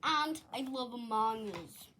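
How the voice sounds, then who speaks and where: A young woman with a high voice speaks slowly in casual chat, giggling and hesitating before each answer. Her playful manner runs through the talk. Clear noise sits behind her voice. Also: lively intonation. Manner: giggly, hesitant, makes playful sound effects. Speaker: guest rating fidget toys.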